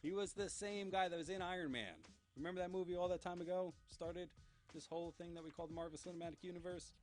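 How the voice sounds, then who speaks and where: A man's voice: sits high, fairly even intonation, fast talker, darkish tone, faint music behind. A young man hosting his own pop culture news show, chatting in a rambling, enthusiastic way. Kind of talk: casual solo show.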